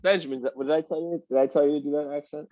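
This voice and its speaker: A man hosting a podcast, telling a family story in a relaxed, joking way. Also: a little high, rapid-fire, dry recording. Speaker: podcast host. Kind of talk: casual podcast chat. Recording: dull, dry lo-fi sound.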